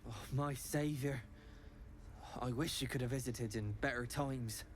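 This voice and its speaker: An actor playing a weary, grateful man who offers soft, wistful thanks. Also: mid-range voice, measured pace, a little hiss or hum, natural voice.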